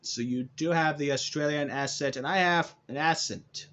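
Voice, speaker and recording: A man cutting a rambling wrestling callout promo, halting and restarting often. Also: a little high, fairly bright tone, dull audio. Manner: halting, with restarts and repeated words.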